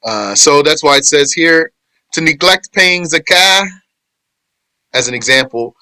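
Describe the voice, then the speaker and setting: A man's voice: fairly high pitch, lively intonation, a little slow, pauses often, pushed and bright, no echo, rough recording. A man teaching an informal class on Islamic law, quizzing his students, restating points and correcting phrasing as he goes. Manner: quizzes students and answers their replies. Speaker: religious teacher.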